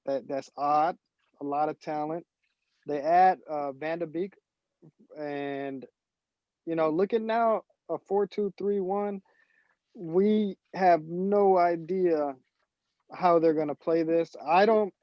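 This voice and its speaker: Higher-voiced guy rambling thru sports takes, dry dull mic. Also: fairly even intonation, slow, long pauses, no echo. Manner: analytical, thinking aloud with restarts. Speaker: podcast co-host. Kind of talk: casual sports chat.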